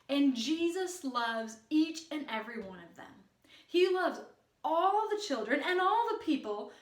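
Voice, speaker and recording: A woman teaching a social studies lesson to young children, leading call-and-response repetition in a slow, sing-song way. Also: high-pitched, a bit bright, echoey room.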